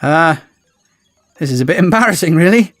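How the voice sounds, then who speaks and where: A man's voice: on the high side, lively intonation, moderate pace, no room sound, soft background music, pitched above the performer's own voice, lightly acted. A man voicing a spiteful, boastful male villain who taunts his enemies in a sing-song way. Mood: sheepish.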